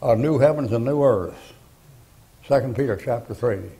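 Older guy preaching hard, gravelly and dark, blunt folksy style. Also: mid-range voice, moderate pace, low-quality recording. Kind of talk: fiery sermon. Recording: archival sermon recording.

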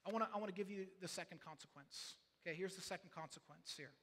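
A high, bright-voiced man preaching to his congregation in an earnest, pleading way, stumbling over and repeating words as he presses his point. His voice rings with a long reverb from the hall around him. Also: fast. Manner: builds from quiet talk to passionate shouting. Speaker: pastor. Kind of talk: sermon.

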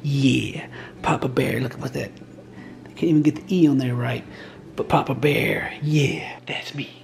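Casting note: young father, low-key and jokey, hushed home vlog voice, camera mic with music under. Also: unhurried, creaky. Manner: soft-spoken, often hushed around the baby, jokey. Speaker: vlogger, new father. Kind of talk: casual family vlog chat. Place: home with a baby.

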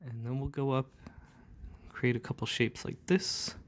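A man's voice: mid-range voice, steady tone, measured pace. Laid-back man talking through an inking tutorial. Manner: casual, talks while working, with fillers. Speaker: comic book inker. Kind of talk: relaxed ink-along tutorial narration.

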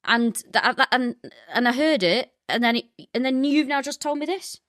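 A woman's voice: high voice, normal speed, no echo, clean studio sound. A woman co-hosting a comedy podcast, joking, swearing and laughing while reading a listener letter. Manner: animated, jokey, swears, laughs. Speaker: podcast co-host. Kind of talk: casual comedic chat.

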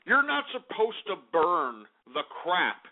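A brash male radio host ranting in a sarcastic, profane stream of talk. His voice runs fairly high, and the sound is thin and tinny, as if heard over a phone line. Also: huge pitch swings, slow.

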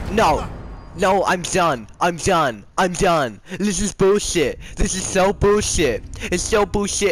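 A man's voice: high voice, rough recording. A young man playing a game on camera, whining and swearing in constant outbursts. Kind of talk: raging gameplay commentary. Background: game music.

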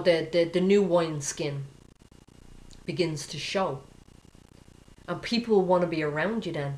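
Earnest woman preaching in a roomy space. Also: fairly low pitch. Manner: earnest, direct, often asks "okay?". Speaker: Christian video preacher. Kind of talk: informal sermon to camera.

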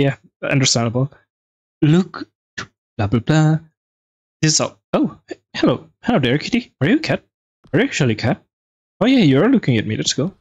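A man giving chatty, excitable let's play commentary as a gaming video host, reading on-screen text aloud and reacting quickly. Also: medium pitch, dry recording.

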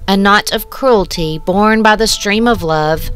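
A woman narrates a short story in a measured, hushed, wistful tone, her voice pitched in a middle range. Soft music plays faintly underneath.

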